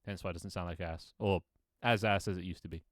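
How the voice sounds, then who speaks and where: A man in his twenties talks through his stream in a loose, rambling way, laughing at himself and swearing now and then. His voice sits very low. The sound is dry and close, captured on a desk microphone. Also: fairly even intonation, fast talker, dry recording. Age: 20s. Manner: rambling, self-mocking, laughs often, swears casually. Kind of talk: casual live-stream chat.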